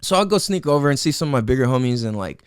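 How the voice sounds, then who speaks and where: Young dude podcast host rambling thru a story, swears a lot, says like constantly, dead dry mic. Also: male voice, mid-range voice, expressive, racing, smooth, no echo. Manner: profane, rambling, heavy on "like" and "you know what I'm saying". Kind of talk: casual storytelling monologue. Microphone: headphones with mic.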